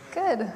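A woman pastor leading children's time in a church, speaking gently to the children and reading them a storybook. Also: noisy background. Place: church sanctuary. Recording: long church reverb.

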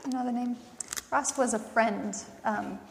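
Woman pastor, gentle storybook reading, slightly high, gravelly, long church reverb. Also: steady tone, measured pace, slight background noise. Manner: warm, gentle, speaks to children. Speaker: pastor leading children's time. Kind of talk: children's sermon and storybook reading. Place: church sanctuary.

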